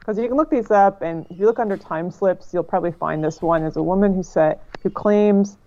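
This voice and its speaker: A woman's voice: medium pitch, brisk, warm tone. Chatty woman on a dull lo-fi mic. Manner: chatty, peppered with "like" and "you know". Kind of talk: casual storytelling chat.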